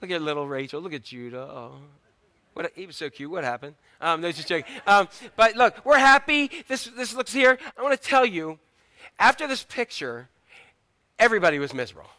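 High bright guy preaching, middle-aged, jokey family stories. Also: fairly quick, no room sound. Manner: animated storytelling with humor. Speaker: pastor. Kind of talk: sermon.

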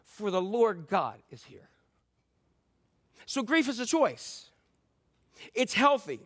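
A man preaching a sermon in a conversational way, repeating key phrases and dropping frequent ums, moving between loud emphatic lines and quiet low asides. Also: very animated, slow. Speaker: pastor.

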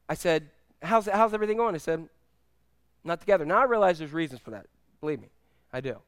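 A man's voice: a little high, a bit bright, smooth, no echo, studio quality. A middle-aged man preaching a sermon, telling family stories in a conversational way and asking the audience questions. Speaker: pastor.

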